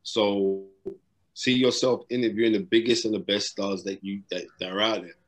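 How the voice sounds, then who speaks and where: A middle-aged man with a lowish voice speaks at a moderate pace with fairly even intonation. He's a boxing broadcaster appearing as a guest on an interview, delivering motivational advice in an emphatic, repetitive, preacherly style peppered with street slang. He's talking from a hotel room during lockdown.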